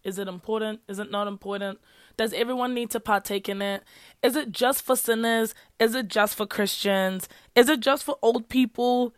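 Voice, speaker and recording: A woman's voice: medium pitch, dry recording. Earnest young woman, dry close sound. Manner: animated, earnest, rhetorical questions. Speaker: podcast host. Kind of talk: casual Christian teaching talk.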